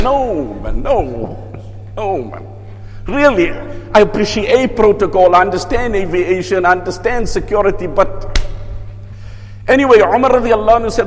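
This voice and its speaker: A male preacher with a high voice tells stories with lively asides, breaking into chanted recitation. A long reverb trails each phrase, as in a large hall. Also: moderate pace. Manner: storytelling, lively asides, mixes in Arabic recitation. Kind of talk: sermon.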